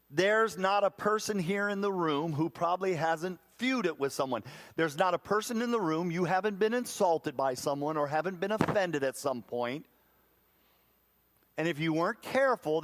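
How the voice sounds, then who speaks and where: Chatty man preaching, slightly raised pitch. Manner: conversational storytelling, quick to laugh at himself; restarts and repeats words mid-thought. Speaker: pastor. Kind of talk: sermon. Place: church sanctuary before a congregation.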